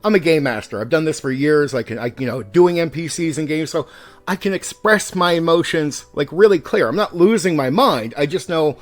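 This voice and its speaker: A man hosting his own channel, giving a heated, profane rant to the camera as a longtime game master, moving between raised and calm speech to push his point. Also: fairly high pitch, moderate pace. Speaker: YouTube host and game master. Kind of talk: ranting commentary to the camera.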